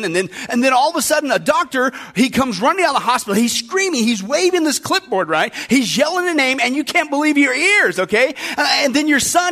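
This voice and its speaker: A male preacher delivering a sermon in a strikingly high, bright voice. He drives his points home with emphatic, repeated rhetorical questions.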